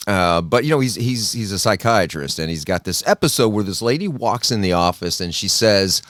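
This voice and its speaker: A man's voice: lowish voice, animated, moderate pace, fairly bright tone, no room sound. A man hosting a podcast, telling a story in a folksy, casual way and acting out the people in it. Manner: folksy storyteller, acts out quotes, frequent restarts. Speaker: podcast host. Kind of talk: casual solo talk.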